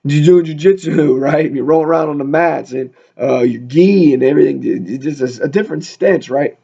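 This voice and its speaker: A man with a gravelly, slightly higher voice reads scripture and then breaks into chatty, joking commentary. The recording sounds dull and lo-fi. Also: brisk, mellow. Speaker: Bible study leader. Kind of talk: casual Bible teaching.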